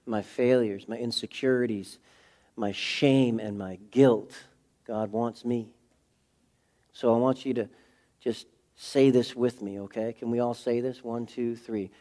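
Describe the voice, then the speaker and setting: A pastor giving a sermon, earnest and confessional, swinging from a hushed intimate tone to fervent preaching. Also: male voice, mid-range voice, a little slow. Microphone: speaking to a camera.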